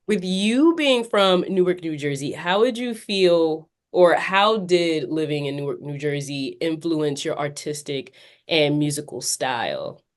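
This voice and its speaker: A woman's voice: deep voice, expressive, measured pace. Encouraging woman podcast host. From Philadelphia. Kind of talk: interview hosting.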